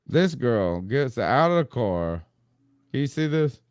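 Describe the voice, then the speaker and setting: A man hosting a sports podcast in casual chat, telling stories with lively acted-out quotes and frequent laughs. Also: medium pitch, takes it slowly, clean tone, no echo, studio quality. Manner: animated storyteller, acts out quotes, laughs often. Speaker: podcast host.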